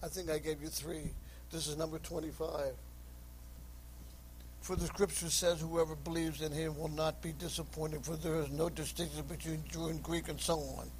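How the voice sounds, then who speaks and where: Fervent male preacher, high voice, reads scripture, slight background hum. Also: flat delivery, normal speed, poor audio. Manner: impassioned, rising to high shouts; reads scripture aloud in King James wording. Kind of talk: sermon.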